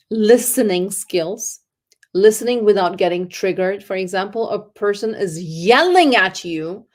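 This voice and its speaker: A woman speaking at a parenting conference in an animated, earnest teaching tone. By her own account she is loud and excitable. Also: medium pitch. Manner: earnest, teaching tone with faith terms. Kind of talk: conference talk.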